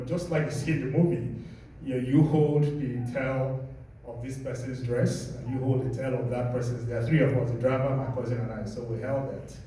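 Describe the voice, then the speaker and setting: A Nigerian man in his late fifties, telling a personal testimony in a measured, deliberate way. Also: medium pitch, mellow, a little hiss or hum. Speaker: speaker giving a personal testimony. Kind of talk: storytelling testimony. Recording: echoey room, distant mic.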